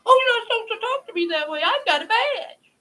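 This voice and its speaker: A man putting on a whiny, self-important federal agent voice to mock him, high and pinched. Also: expressive, fairly quick, pushed and bright, exaggerated voice.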